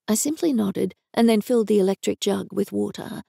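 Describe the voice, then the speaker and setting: An Australian woman narrating a story in first person on a close microphone, in a wry, even manner. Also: medium pitch, brisk, gravelly, few pauses, no room sound. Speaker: audiobook narrator.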